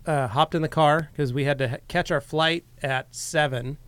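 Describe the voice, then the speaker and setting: A man's voice: a little high, steady tone, normal speed, a bit bright, dry recording. A man co-hosting a podcast, telling an easygoing story in casual chat with lots of fillers. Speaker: podcast co-host.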